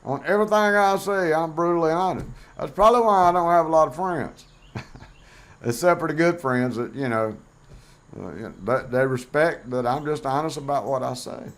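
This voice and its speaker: A man's voice: a little high, moderate pace. Blunt plain-spoken middle-aged man. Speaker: vlogger host. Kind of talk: casual monologue to camera.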